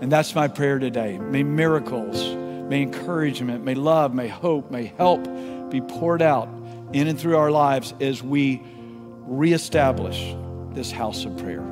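A pastor giving a sermon, telling a story and leading prayer, moving between emphatic and hushed delivery. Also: male voice, medium pitch, a little slow, big-room sound, music in the background. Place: church sanctuary.

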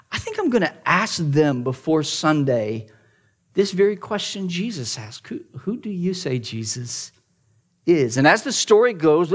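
Pastor telling a story in a sermon. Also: male voice, fairly high pitch. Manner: storytelling, dramatic shifts from loud to hushed; repeats words at starts of phrases.

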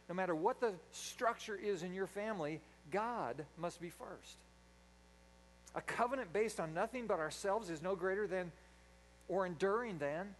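A man preaching a sermon in a church, a dynamic speaker who swings from loud emphasis to quiet asides. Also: high-pitched, a little hiss or hum, poor audio. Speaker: pastor. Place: church sanctuary.

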